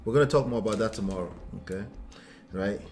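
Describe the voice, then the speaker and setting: A man's voice: on the low side, fast, faint music behind. A man co-hosting a casual marriage talk stream, often cutting in with repeated "wait" and "listen.". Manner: animated, interrupts with repeated "wait". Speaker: marriage coach co-host. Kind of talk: casual couple's livestream talk.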